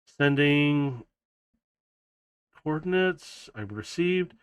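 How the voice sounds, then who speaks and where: A man's voice: on the high side, expressive, very slow, clean tone, no echo. A man voicing a male bridge operator on an intercom, matter-of-fact. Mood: businesslike.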